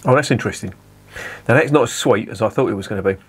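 A man with a lowish, husky voice talks quickly and casually at home while reviewing a beer. He's chatty, keeps correcting himself, and swears at the camera.

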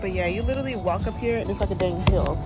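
A woman's voice: mid-range voice, quick pace, over loud music. A young woman vlogging a trip in a casual, chatty way, slangy and laughing often, at times out of breath. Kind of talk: casual travel vlog.

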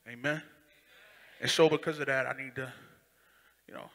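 A young adult man giving an animated spoken testimony on stage, acting out voices and swinging from loud to hushed. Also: mid-range voice, moderate pace, vocal fry. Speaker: Christian rapper giving testimony. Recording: long hall reverb.

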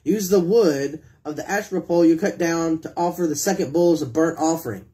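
A man's voice: fairly high pitch, a little fast, warm tone. A man preaching a sermon, reading scripture and asking his listeners questions, and acting out prayers in a pleading voice. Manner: reads scripture and asks the congregation questions.

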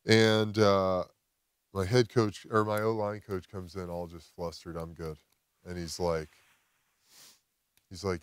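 A man, a podcast guest, telling a personal story outdoors in casual chat, animated and swearing freely. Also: low-pitched, slow pace, pauses often, smooth, dry recording. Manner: animated, swears a lot, acts out quotes. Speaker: podcast guest, former football player.

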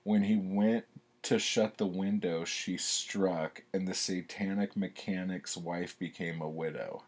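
A man's voice: low voice, steady tone, unhurried, darkish tone, slightly rough. A man reading his old childhood poems aloud and commenting on them in a wry, self-mocking way.

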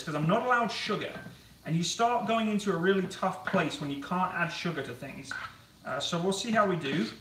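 A man's voice: high voice, noisy background. A man chatting casually to his live-stream viewers while he cooks, rambling between topics and answering chat. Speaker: streamer cooking on camera. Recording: echoey room, mic at a distance.

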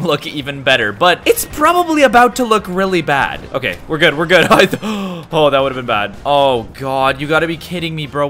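A young man commentates a video game in a bright, fairly high voice that leaps all over the place. He mutters to himself one moment and yelps or shouts the next, laughing along the way. Soft music plays faintly behind him. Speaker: gaming YouTuber. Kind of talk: excitable gameplay commentary.

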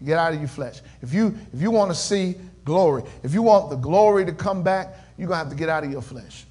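A man preaching a sermon in call-and-response style, swinging between loud swells and quiet murmurs. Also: a little high, expressive, a little fast, slightly rough. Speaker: pastor.

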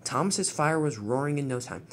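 Amateur storyteller with a lively pitch. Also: a little hiss or hum. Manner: plain, hurried, with slips and restarts. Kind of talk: amateur toy-train story narration.

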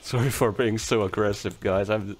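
Young male let's-player, low voice, sweary and self-talking. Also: fairly even intonation, normal speed. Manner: swearing, frustrated outbursts and muttering to himself. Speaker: let's play gamer. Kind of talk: casual gameplay commentary.

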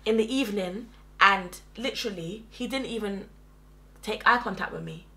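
A woman's voice: medium pitch, moderate pace. A young woman telling a personal story in a casual interview, full of "like" and acted-out quotes. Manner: animated, filler-heavy retelling with acted quotes. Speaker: guest.

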